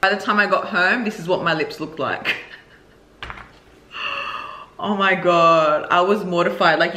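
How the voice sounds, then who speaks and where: A woman vlogger tells a story time to camera in a crisp, bright voice. She talks frankly and expressively, straight to her viewers. The sound is echoey, as if she were recording in a bare room. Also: fairly low pitch. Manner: candid and expressive, addresses viewers directly. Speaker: beauty vlogger.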